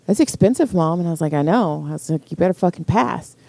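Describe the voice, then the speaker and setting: A woman's voice: on the low side, animated, fast, vocal fry, warm tone, dry recording. A middle-aged woman, co-hosting a podcast and telling a story in casual chat, acting out quotes and swearing freely. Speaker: podcast co-host.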